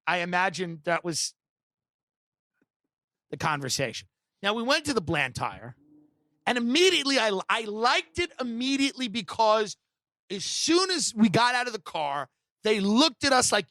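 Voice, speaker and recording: Male comedian, sardonic and provocative storyteller, slightly high pitch, dry studio sound. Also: lively intonation, normal speed, fairly bright tone, no echo.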